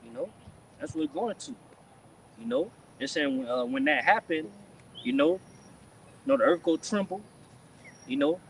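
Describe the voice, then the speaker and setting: A man in a casual scripture discussion, animated, constantly dropping "man" and "you know". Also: a little high, a little slow, pauses often, recorded from a distance, a little hiss or hum, poor audio. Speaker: discussion participant.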